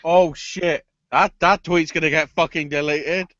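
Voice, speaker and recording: Excitable guy ranting about wrestling, cusses constantly, flat dry audio. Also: a little high, a little slow, no room sound. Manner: swears a lot, bursts into loud mock cries. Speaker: podcast host. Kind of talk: casual wrestling chat. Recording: dull dry lo-fi sound.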